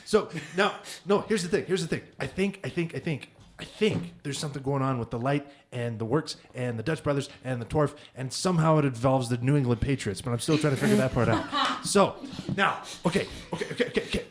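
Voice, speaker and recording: A man's voice: medium pitch, a little fast, hardly any pauses, slight background noise, lightly acted. A man playing a paranoid rambling friend. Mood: conspiratorial. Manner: rambling, repetitive, conspiratorial. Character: paranoid conspiracy-minded male friend. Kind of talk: improvised tabletop role-play.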